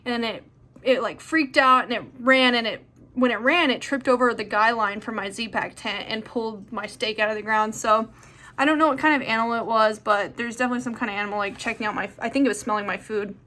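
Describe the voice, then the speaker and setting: A woman's voice: on the high side, a little fast, bright, forceful tone. A young woman answering viewer questions in a chatty, rambling way with lots of fillers. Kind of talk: casual chat.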